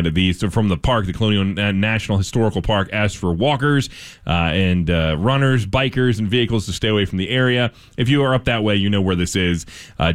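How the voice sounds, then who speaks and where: A man hosting a local radio show, reading news items with casual asides and fillers. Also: on the low side.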